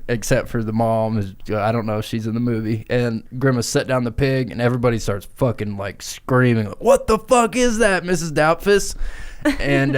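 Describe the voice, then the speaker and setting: A man's voice: medium pitch, darkish tone, clear, resonant tone. A man co-hosting a podcast, improvising a rambling, profane comic story and laughing through it. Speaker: podcast co-host.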